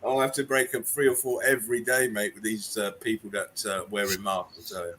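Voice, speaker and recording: A man's voice: lowish voice, little pitch movement, fairly quick, fairly bright tone. A man casually reading memes and laughing constantly through them as a channel host. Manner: laughs constantly while reading jokes aloud. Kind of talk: casual meme-reading commentary. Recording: faint background noise.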